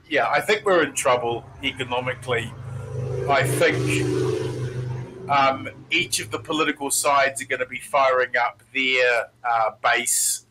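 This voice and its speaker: A man's voice: mid-range voice, pushed and bright, a little hiss or hum, rough recording. A man with a New Zealand accent co-hosting a casual political chat, exasperated and rambling, laughing in disbelief. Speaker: podcast co-host.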